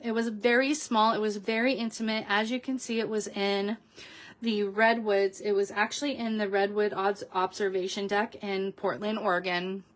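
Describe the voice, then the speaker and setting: A woman's voice: a little high, fairly bright tone. A middle-aged woman hosting a casual crafting tutorial, chatty and openly emotional, with many ums and restarts. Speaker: papercraft video host.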